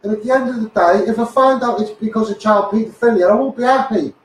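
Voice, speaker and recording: A Scouse man with a very high voice rants angrily through a live stream. He swears, trips over repeated words and keeps coming back to "mate" and "you know". His voice sounds distant and bounces around an echoey room. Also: fast talker. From Liverpool, England. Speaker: activist livestreamer. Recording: echoey room, voice far from the mic.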